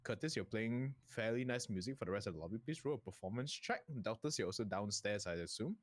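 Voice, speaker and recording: A man's voice: on the low side, animated, fast, no room sound, studio quality. A man narrating as game master of a tabletop game, easygoing and laughing often.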